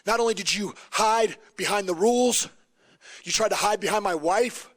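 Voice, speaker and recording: A man's voice: high-pitched, moderate pace, a bit bright. A man cutting a wrestling promo, out of breath and coughing, impassioned and defiant. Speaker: pro wrestler.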